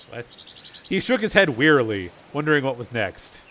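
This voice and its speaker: Man reading an audiobook, even mid voice, measured, light background hiss. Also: medium pitch. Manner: steady, measured storytelling. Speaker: audiobook narrator. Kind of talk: scripted narration.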